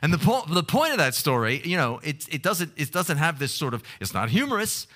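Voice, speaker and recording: A man preaching a sermon, halting often with fillers and restarts as he tells stories. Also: a little high, very animated, pushed and bright. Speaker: pastor. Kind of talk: sermon with prayer.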